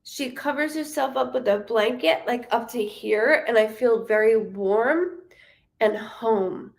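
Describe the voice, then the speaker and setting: A woman giving a live psychic reading. She speaks haltingly, with frequent ums and self-corrections, and apologizes to her viewers and reassures them. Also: on the high side. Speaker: psychic medium. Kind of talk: live-streamed spirit reading.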